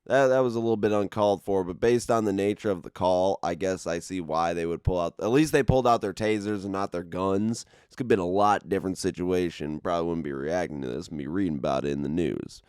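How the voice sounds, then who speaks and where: A man's voice: low voice, fast talker, hardly any pauses, a little mellow, smooth, no room sound. A man giving casual reaction commentary on a video, talking animatedly with frequent swearing, laughs and stammered restarts.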